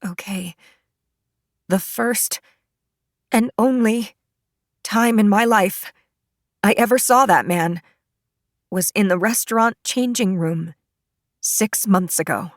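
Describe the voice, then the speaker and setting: A woman voicing a traumatized female witness giving halting testimony in an audiobook. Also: medium pitch, no room sound, studio quality, voice pushed up, natural voice. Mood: tense. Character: shaken female witness recounting an assault.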